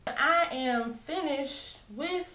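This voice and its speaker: A young woman with a fairly high voice talks through her hair routine and tells stories in a chatty, animated way. The recording is lo-fi and dull, with the roomy sound of a home room. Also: extremely slow. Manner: chatty storytelling, acts out quotes. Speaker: hair vlogger. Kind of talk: casual chat.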